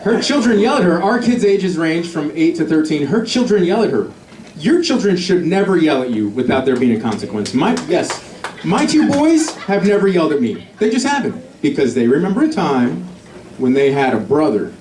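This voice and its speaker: A middle-aged man performing a stand-up comedy set, telling a story and acting out quotes with sudden loud shifts. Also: a little high, very animated, normal speed, far from the mic, slight background noise. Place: comedy club stage with a laughing audience. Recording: echoey live club audio with crowd laughter.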